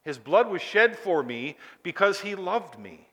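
A male preacher in the middle of a sermon, his voice pitched high and ringing bright. He presses his points with rhetorical questions, swinging from loud emphasis down to a near hush. The church around him carries a long, echoing reverb. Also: big pitch swings, a little slow, slightly rough.

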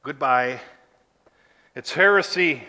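A man preaching a sermon, emphatic, building to shouted lists and then dropping low again. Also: slow pace. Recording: long hall reverb.

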